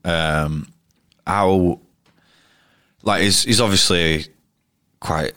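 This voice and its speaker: A man's voice: sits low, steady tone, drawn-out words, pushed and bright, no echo, clean studio sound. A man in his thirties, a cricketer guest telling anecdotes in a rambling, casual way full of restarts. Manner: rambling, frequent restarts and fillers. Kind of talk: casual storytelling interview.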